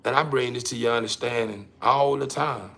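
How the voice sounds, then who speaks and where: Gravelly-voiced man preaching to camera. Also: moderate pace. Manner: emphatic, repetitive, swings between loud and low. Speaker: host of his own online show. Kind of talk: casual preachy monologue to camera.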